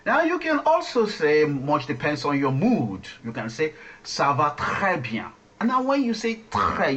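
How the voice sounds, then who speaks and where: Slow-paced, lively man teaching French. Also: mid-range voice. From Nigeria. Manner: slow, repeats phrases and coaches the listener. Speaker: French language teacher and radio host. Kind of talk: radio language lesson.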